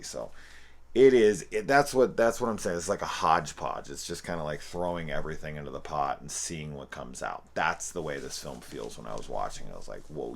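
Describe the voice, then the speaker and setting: A man's voice: very deep voice, vocal fry, a little hiss or hum. A man giving a rambling, profane and amused spoken movie review, with loose restarts and playful quoting of scenes. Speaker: film reviewer.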